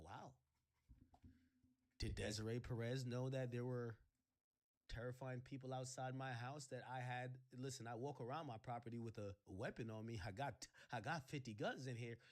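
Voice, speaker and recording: A man hosting a livestream, ranting sarcastically in casual chat and breaking into shouts. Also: medium pitch. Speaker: livestream host.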